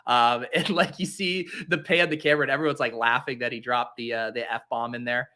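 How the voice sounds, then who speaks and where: A young man hosts a fantasy football show, his mid-range voice quick and sharp with fairly even intonation. Drafting solo, he chats casually and mocks himself with theatrical exasperation.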